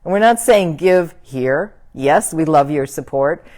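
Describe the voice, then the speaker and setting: Slow, low-voiced woman minister in prayer. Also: expressive, a little mellow. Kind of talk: church service closing and prayer.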